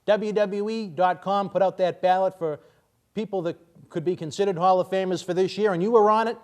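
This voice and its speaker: A man hosts a radio interview in a fairly high voice. He lays out each recap with dramatic build before putting his question to the guest. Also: steady tone, a little fast, darkish tone.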